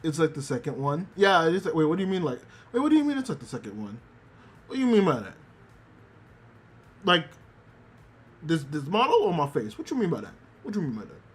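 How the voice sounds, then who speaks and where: A man's voice: on the high side, big pitch swings, fast. A man streaming as a VTuber, chatting casually and rambling, often repeating himself and swearing freely. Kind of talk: casual livestream chat.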